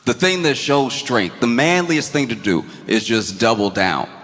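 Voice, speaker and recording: A man performing a stand-up comedy set, telling stories with animated delivery and quick character voices on a handheld stage mic. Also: medium pitch. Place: comedy stage before an audience. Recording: reverberant hall with audience noise.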